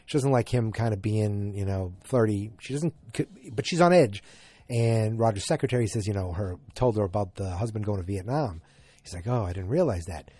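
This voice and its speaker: A man's voice: fairly low pitch, moderate pace, warm tone, dry recording. A man hosting a podcast, casually recapping a TV episode in a rambling way, with many fillers and restarts. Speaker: podcast host.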